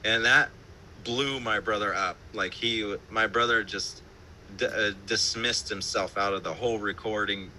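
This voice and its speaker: A man's voice: lowish voice, fairly even intonation, measured pace, pushed and bright, slight background noise, low-quality recording. A man, a band musician, telling stories in a casual interview over a live-stream call, loose and profane, full of fillers and laughter. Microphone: remote live-stream call.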